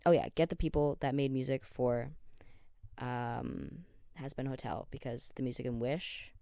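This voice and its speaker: A young podcast host in their late teens rambles through a loose solo monologue, full of "um"s and "like"s, doubling back whenever a name slips away. The voice sits at an ordinary middle pitch. It is recorded close and dry in a small quiet room. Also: fairly even intonation, measured pace, gravelly, no room sound. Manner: rambling, filler-heavy, self-deprecating, loses track mid-sentence.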